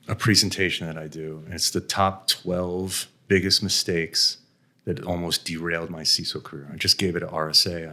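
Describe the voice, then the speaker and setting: Deep-voiced blunt man telling stories candidly. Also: bright, forceful tone. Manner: blunt, self-deprecating, laughs often, mild swearing. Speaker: interview guest, venture investor. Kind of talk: candid conversational storytelling.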